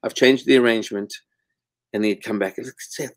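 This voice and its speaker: A man's voice: lowish voice, fairly even intonation, moderate pace, dry recording. A middle-aged man from Africa, a record producer telling candid, blunt stories as a guest in a casual interview and swearing freely. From South Africa.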